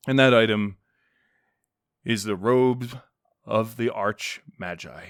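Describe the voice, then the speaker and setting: A man's voice: lowish voice, animated, slow pace, pauses often, no echo. Rambling playful man, dry close sound. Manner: rambling, playful, many restarts. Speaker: podcast co-host. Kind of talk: in-character casual chat.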